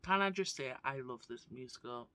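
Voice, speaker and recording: A woman's voice: a bass voice, animated, a little fast, pushed and bright. A woman vlogger chatting casually to camera, gushing and often tagging her sentences with "right?". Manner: gushing, keeps asking "right?".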